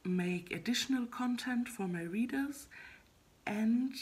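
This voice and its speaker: Slow, breathy, half-whispering woman vlogger. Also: fairly high pitch, soft background music. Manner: hesitant, halting, many fillers and restarts; soft, half-whispered delivery. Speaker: web fiction writer vlogging her progress. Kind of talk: casual solo vlog.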